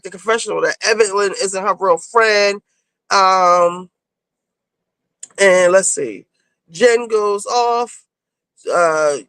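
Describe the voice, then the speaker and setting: A woman with a bright, sharp, fairly high voice talks through a reality TV episode in loose, profane, off-the-cuff chat. The sound is close and dry, with no room around it. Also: no room sound, poor audio. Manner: chatty, off-the-cuff, loose with swearing. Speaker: reality TV recapper. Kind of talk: casual, profane recap commentary.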